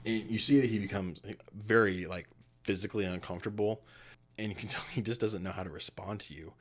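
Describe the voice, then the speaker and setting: A man narrating as game master in a tabletop game, rambling and animated, with lots of fillers. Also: on the low side, brisk.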